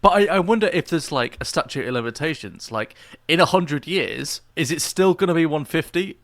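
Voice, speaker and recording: A man's voice: fairly high pitch, lively intonation, a bit bright, no echo. Casting: man, podcast co-host, rambling casual chat with restarts, dry studio sound. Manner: rambling, halting with many restarts.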